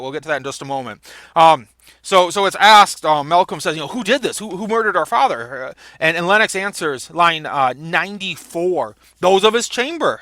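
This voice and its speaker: A man's voice: on the high side, sharp tone, no echo. A man giving a literature lecture, reading lines from a play aloud and explaining them, often restarting his sentences. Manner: reads quoted lines with rising emphasis, frequent restarts.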